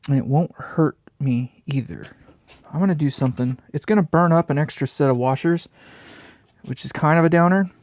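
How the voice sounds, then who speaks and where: A man's voice: fairly high pitch, moderate pace, a little mellow, no echo. A man hosting a live amp build stream, talking casually and muttering and swearing at small parts as he works.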